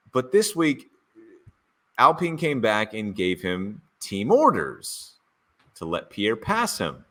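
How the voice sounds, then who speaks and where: A man hosts a podcast in loose, joking chat, his fairly low voice bright and forceful and swinging widely in pitch. He teases as he goes, reading out quotes with playful relish. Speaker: podcast co-host. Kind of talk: casual chat, reading out race radio quotes.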